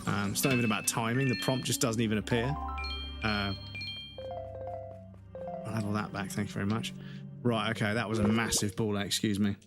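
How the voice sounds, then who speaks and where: A man's voice: on the low side, fairly even intonation, brisk, long pauses. A man chatting casually while livestreaming a game, swearing and laughing at his own frustration. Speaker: streamer. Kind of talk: casual livestream gaming chat. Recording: game music playing behind.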